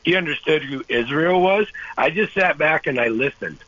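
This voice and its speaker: A man calling in to a talk show, telling a story in a rambling, halting way with lots of restarts. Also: on the high side, expressive, bright, forceful tone, no room sound. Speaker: caller. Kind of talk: casual storytelling. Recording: dull lo-fi phone-in audio.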